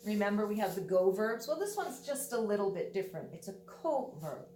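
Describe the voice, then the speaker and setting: A woman's voice: medium pitch, sing-song, fairly quick, darkish tone, slight background noise. A woman teaching a Spanish grammar lesson on video, explaining patiently step by step with wry asides. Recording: echoey room, voice from a distance.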